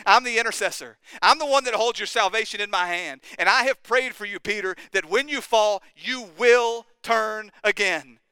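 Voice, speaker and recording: A man's voice: high-pitched, moderate pace, hardly any pauses, bright, forceful tone, clean tone, dry recording. A man preaching a sermon as pastor, impassioned and urgent, firing rising questions at the congregation.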